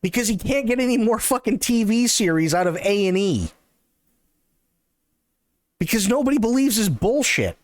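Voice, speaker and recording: A male streamer rants in a sarcastic, swear-heavy style on a live stream, his voice pitched high and swinging widely up and down. The sound is close and dry, with no room echo. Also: normal speed, long pauses. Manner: profane, sarcastic, animated ranting. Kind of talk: casual ranting chat.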